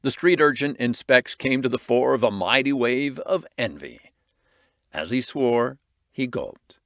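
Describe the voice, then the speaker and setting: Man narrating with a lively voice. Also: mid-range voice, measured pace, gravelly, dry recording, studio quality. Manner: expressive, varied reading. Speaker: audiobook reader. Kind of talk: storybook narration.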